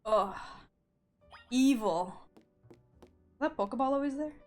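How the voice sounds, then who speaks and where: A woman's voice: high-pitched, expressive, slow. A young adult woman streaming a video game, crying, laughing and swearing as she talks. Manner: swearing, laughing while teary. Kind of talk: live game-stream commentary. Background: game music.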